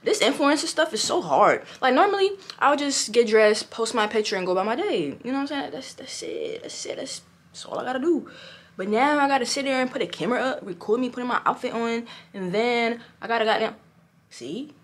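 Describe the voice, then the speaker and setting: A hoarse young woman vlogging casually in a hotel room, rambling loosely and swearing now and then. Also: on the high side, expressive, a little fast. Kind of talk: casual vlog chat. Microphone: small clip-on mic.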